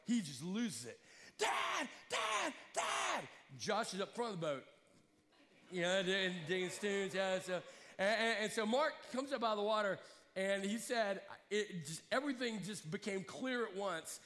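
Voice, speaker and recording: Animated man telling a story. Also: high voice, in a large hall. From Alabama, US. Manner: rambling, animated, many restarts.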